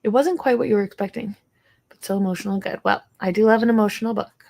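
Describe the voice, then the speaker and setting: A woman's voice: mid-range voice, steady tone, fast talker, gravelly, warm tone. A young woman hosting a casual livestream from her home, chatting in a rambling way with viewers and stopping now and then to talk to her dog. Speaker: livestream host.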